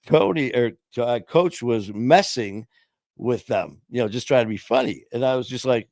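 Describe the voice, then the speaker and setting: Middle-aged man, podcast host, gravelly and hoarse, dry close sound, easygoing heartfelt chatter. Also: medium pitch, normal speed, a little mellow, no echo. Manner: loose and heartfelt, peppers speech with "man" and "you know". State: voice going hoarse. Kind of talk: casual live-stream chat.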